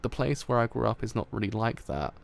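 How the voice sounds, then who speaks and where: A gentle, earnest young Japanese man, speaking with hesitant slips and restarts, as a man reads him off a comic page. The voice has a gravelly edge. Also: on the low side, big pitch swings, fast. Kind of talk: reading a comic aloud.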